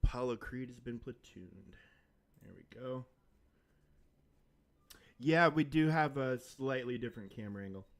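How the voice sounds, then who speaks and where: A man's voice: medium pitch, lively intonation, moderate pace, pauses often. A man casually chatting on a live game stream from a home desk, rambling and restarting his sentences. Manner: rambling, self-interrupting, chatty. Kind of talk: casual live-stream chat while gaming. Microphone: desk mic on a stand.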